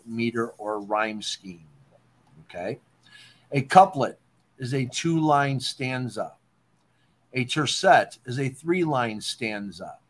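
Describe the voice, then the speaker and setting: A man hosting a casual talk show, explaining poetry terms in a relaxed way and checking in with "okay?". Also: mid-range voice. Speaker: podcast host.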